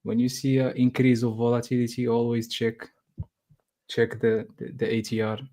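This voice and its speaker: Mellow-voiced man, halting speech. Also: medium pitch, level tone. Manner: halting, searching for words. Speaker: trading coach. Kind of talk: casual live-stream chat.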